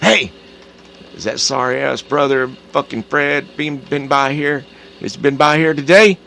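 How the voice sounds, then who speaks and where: A man playing a loud, hollering husband in a told joke, his voice pushed higher and forceful. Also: measured pace, creaky, slight background noise. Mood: demanding.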